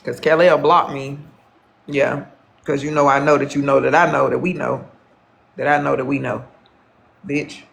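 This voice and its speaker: A man's voice: mid-range voice, little pitch movement, moderate pace, vocal fry, long pauses, fairly bright tone. A man chatting on a live stream, rambling and profane, repeating himself as he gossips and calls viewers honey. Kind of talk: casual live-stream chat.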